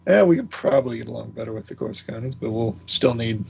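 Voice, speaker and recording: A man's voice: mid-range voice, expressive, fast talker, vocal fry, dark tone, highs cut off, a little hiss or hum. A man playing in a tabletop game, chatting casually and trailing off mid-sentence. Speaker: player. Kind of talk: casual chat in character and out.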